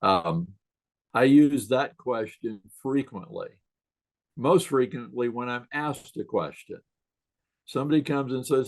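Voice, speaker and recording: A man who is a guest on a video-call interview, telling anecdotes in a relaxed way and laughing at his own stories. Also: mid-range voice, measured pace, poor audio. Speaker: guest author on questions. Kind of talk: casual interview storytelling.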